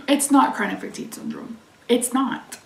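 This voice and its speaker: A woman's voice: high-pitched, measured pace, vocal fry, a bit bright, roomy sound, distant mic. A woman hosting her own channel, venting in casual chat about a frustrating phone call, swearing and reading viewer names aloud. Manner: reads chat names aloud between sentences. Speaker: channel host.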